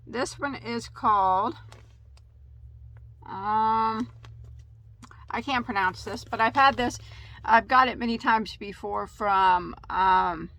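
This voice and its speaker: Woman, crochet vlog host, chatty, bright tense tone, stumbles on foreign words. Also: fairly high pitch, takes it slowly, pauses often. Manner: chatty, stumbles over yarn names. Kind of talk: casual yarn haul chat.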